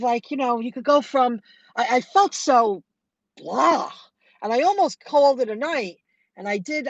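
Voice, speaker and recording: A middle-aged woman telling viewers about her delivery rounds in a chatty, animated way, acting out what people said. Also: a little high, no echo, dull audio. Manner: chatty, animated retelling with quoted dialogue. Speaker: food delivery driver vlogger. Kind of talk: casual storytelling to viewers.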